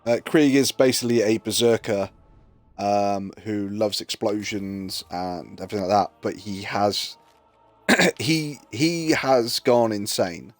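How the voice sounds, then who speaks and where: A man's voice: on the low side, slow, dry recording, faint music behind. A man streaming and chatting casually, retelling a story with lots of fillers and acted-out quotes. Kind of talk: casual chat while streaming.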